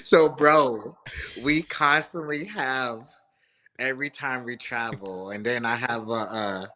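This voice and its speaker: A man, a wrestling coach, telling stories as a podcast guest in an animated, profane way, often saying "bro". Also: mid-range voice, slow pace. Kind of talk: casual storytelling.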